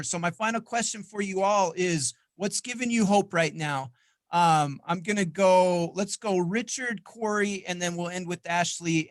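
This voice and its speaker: A man's voice: high voice, no echo. A middle-aged man hosting a panel discussion, upbeat and encouraging. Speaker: panel host.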